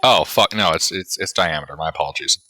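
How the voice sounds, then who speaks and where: A man running a tabletop game as game master, casual and quick to correct himself. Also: deep voice, bright, forceful tone, dry recording, clean studio sound. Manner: casual, swears, apologizes for rule slips.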